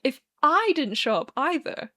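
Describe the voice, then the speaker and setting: An excitable young man with a bright, sing-song voice that jumps high when he gets worked up, as a woman reads him aloud. He plays at being haughty and teasing, all zest and theatrics, in a storybook reading. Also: moderate pace, natural voice. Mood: whiny.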